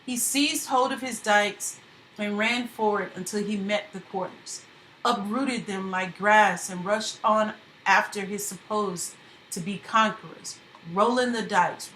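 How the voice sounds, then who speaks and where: A woman's voice: mid-range voice, slight background noise. Woman reading a novel in an echoey room. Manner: steady, measured narration. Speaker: reader. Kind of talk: novel read aloud.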